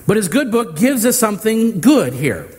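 A man preaching a sermon to his congregation, measured and emphatic, with homey humor and deliberate pauses. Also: high voice, big pitch swings, darkish tone. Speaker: pastor. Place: church sanctuary. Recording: long hall reverb.

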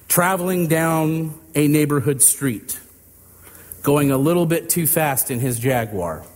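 A male pastor preaches in a measured, drawn-out manner, leaning on pauses. His voice sits a little high and moves very slowly. A long reverb trails behind him. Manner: slow, deliberate storytelling with drawn-out phrases. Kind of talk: sermon with illustrative story.

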